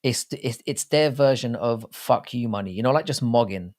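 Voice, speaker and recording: A man's voice: medium pitch, moderate pace, darkish tone. A British man co-hosting a live stream chat, rambling in a casual, profane way. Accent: British English. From Britain.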